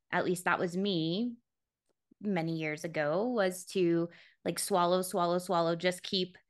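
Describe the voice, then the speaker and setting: Woman, podcast host, lower pitch, thoughtful, affirming, conversational. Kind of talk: casual conversation.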